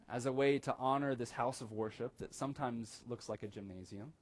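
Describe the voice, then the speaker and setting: A man preaching a sermon as pastor, earnest, slowing down on key phrases and calling the listeners friends. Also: mid-range voice.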